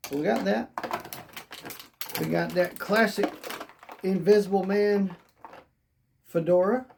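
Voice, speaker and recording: A toy reviewer narrates an unboxing in a chatty, rambling way, thinking out loud and mentioning that they are losing their voice, which sounds hoarse. The voice sits in the mid range, and there's a little hiss or hum in the recording.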